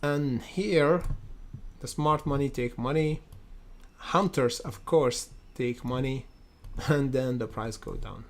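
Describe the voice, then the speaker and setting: A man hosts a day-trading livestream at a slow, relaxed pace, with a voice of middling pitch for a man. He thinks aloud, leans on fillers and repeated phrases, and keeps calling his viewers guys and brother. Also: soft background music. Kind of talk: live market commentary.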